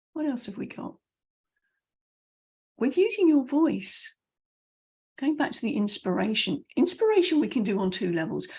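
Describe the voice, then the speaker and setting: A middle-aged woman teaching voice skills, demonstrating each point by swinging between loud and soft, fast and slow. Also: mid-range voice, gravelly, breathy edge. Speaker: voice and message coach. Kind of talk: online training talk.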